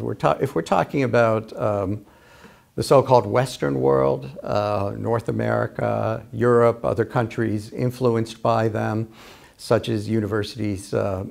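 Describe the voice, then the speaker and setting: A male history professor as an interview guest, explaining ideas in a measured, lecturing way, laying out arguments point by point. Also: mid-range voice, gravelly, a little mellow. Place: UMass Amherst.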